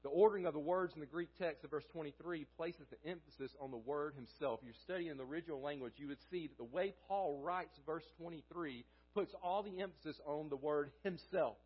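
Male pastor, high voice, sermon, repeats key phrases, asks and answers questions, dull lo-fi recording. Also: brisk, few pauses, husky. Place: church sanctuary.

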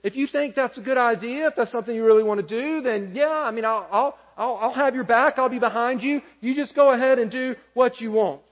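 A man's voice: very high-pitched, a little fast, hardly any pauses, pitched above the performer's own voice. A man voicing God as an easygoing, indulgent father who hesitates and goes along. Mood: offhand. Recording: echoey church hall, dull lo-fi.

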